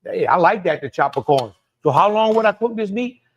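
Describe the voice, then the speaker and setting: A man's voice: high voice, expressive, brisk, slightly rough, highs cut off. A man with a Cajun accent hosting a live cooking show, chatty, repeating phrases and addressing viewers by name. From Louisiana.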